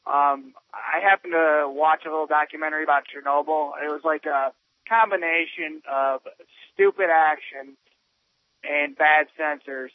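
A man phoning in to talk radio, sounding earnest and a little unsure as he explains. His voice sits a bit high and comes through a thin, phone-like line. The sound is dry. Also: fairly even intonation, normal speed, dry recording. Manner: earnest, hesitant, loosely explaining. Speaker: caller. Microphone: telephone.

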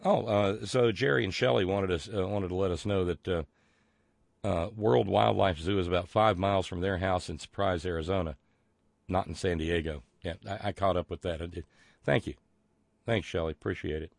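A man's voice: sits low, normal speed, gravelly, no echo, studio quality. A man hosting a live talk show, reading listener messages aloud in a rambling, sardonic way with plenty of fillers. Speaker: show host.

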